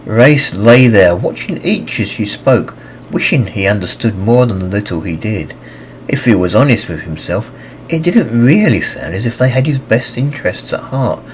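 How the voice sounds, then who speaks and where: A man narrating a fantasy audiobook with expressive, scripted reading. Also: normal speed, slight background noise, rough recording. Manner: expressive reading with lively pitch.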